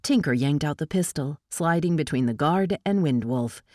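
A woman with a low voice reads a novel aloud at a steady, measured pace. The recording is dry and close, with no room sound. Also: no echo. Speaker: audiobook narrator. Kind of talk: scripted narration of a novel.

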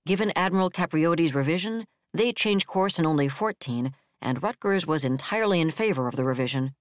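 Audiobook narrator reading sci-fi, steady and even, super dry close sound. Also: medium pitch, brisk, dry recording.

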